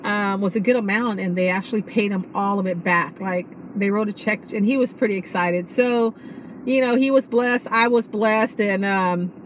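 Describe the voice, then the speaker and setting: A woman's voice: medium pitch, a little hiss or hum, low-quality recording. A middle-aged woman chatting casually to camera in a vlog, rambling and laughing often. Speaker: vlogger.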